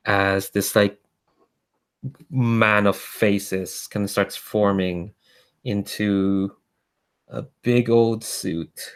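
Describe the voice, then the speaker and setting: Cast: male game master, low voice, unhurried delivery. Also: clean tone. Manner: relaxed, hesitant with fillers. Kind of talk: narrating a tabletop game.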